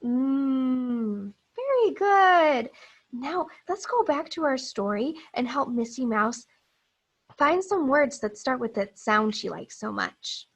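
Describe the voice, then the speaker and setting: A woman teacher reads a picture book aloud to young children as a phonics lesson, using a high, gentle voice with lively intonation. She goes slowly, exaggerates and clearly models each sound, and encourages the kids to repeat after her; the recording quality is low.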